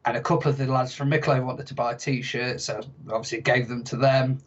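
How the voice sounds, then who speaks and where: A young man chats easily on a podcast, spinning jokey, self-mocking stories. His voice sits at a middling pitch, and the recording sounds a little dull. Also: steady tone, fairly quick. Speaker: podcast guest. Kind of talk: casual podcast chat.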